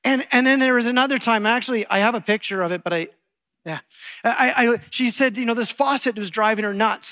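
A man's voice: high-pitched, a little fast. A middle-aged man preaching a sermon, telling stories and acting out quotes with animation. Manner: animated storytelling, acts out quotes.

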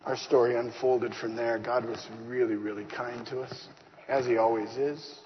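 A man giving a lively faith testimony, acting out the dialogue as he tells his story. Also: medium pitch, moderate pace. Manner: animated, acts out dialogue. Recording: long hall reverb, slightly dull, faint hiss.

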